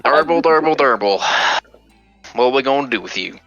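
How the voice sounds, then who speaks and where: A man's voice: mid-range voice, expressive, moderate pace, gravelly, a bit bright, muffled recording, soft background music. A man voicing a grumpy, bossy old male halfling merchant who barks orders and curses. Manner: barking, bossy, cursing.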